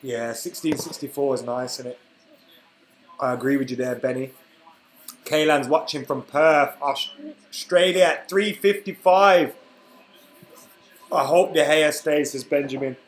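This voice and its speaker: A man's voice: on the high side, measured pace, pauses often, roomy sound, a little hiss or hum, poor audio. A young man hosting a football live stream, chatting casually and reading out viewer comments while he has the hiccups. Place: room at home.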